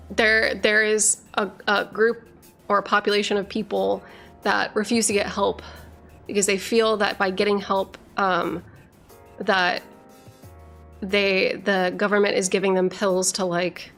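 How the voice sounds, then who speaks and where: Reading viewer messages on a casual live stream, this woman speaks in a fairly bright, medium-pitched voice. Her talk wanders with frequent fillers and false starts, she curses openly, and her slightly slurred speech shows she's having some trouble articulating.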